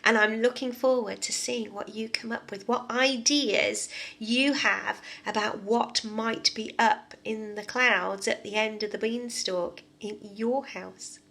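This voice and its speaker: Nursery teacher, woman, expressive storybook reading for small children, slow and fairly high. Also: vocal fry. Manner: expressive, asks the children questions. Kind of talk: storybook read-aloud and lesson for young children.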